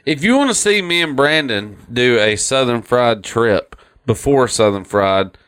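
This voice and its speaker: A middle-aged man co-hosts a podcast in a casual chat, his voice expressive, slightly bright and clean, at a measured pace. He swears a lot, rambles through retellings, and acts out cartoon quotes in silly high voices.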